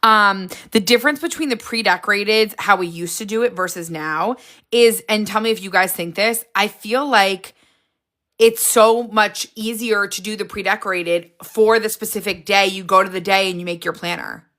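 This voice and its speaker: A woman hosting a casual live stream, chatty and excitable, jumping from idea to idea with frequent laughs. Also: mid-range voice, normal speed. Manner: excitable, jumps between ideas, frequent laughs.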